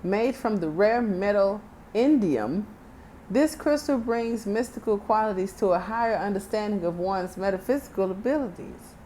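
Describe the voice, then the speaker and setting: A woman's voice: mid-range voice, lively intonation, moderate pace, dark tone. A woman in her thirties with a Texan accent gives a laid-back tarot reading, wandering off into chatty, joking asides. Her voice sits in a middling range, and a faint hiss runs under it the whole time. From Texas. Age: 30s. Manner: chatty, joking asides, reads card text aloud. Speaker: tarot reader. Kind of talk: casual tarot card reading.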